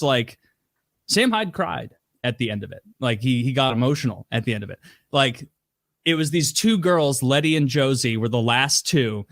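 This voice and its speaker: A man's voice: mid-range voice, dry recording, studio quality. A man hosting a podcast, animatedly retelling a story in casual chat with lots of filler words. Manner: animated retelling, heavy use of "like". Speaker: podcast host.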